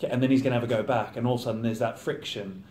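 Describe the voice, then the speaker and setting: Man, 30, professional footballer, relaxed interview talk, mid-pitched, echoey room sound. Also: rapid-fire. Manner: chatty, acts out teammates' banter. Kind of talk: casual interview chat. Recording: roomy echo.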